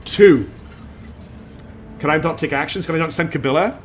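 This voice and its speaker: A man's voice: fairly high pitch, very fast, a bit bright, a little hiss or hum. A man streaming a game, chatting casually and poking fun at his own attempts at voices. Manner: chatty, self-mocking, laughs at own accents. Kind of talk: casual gaming commentary. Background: faint game music.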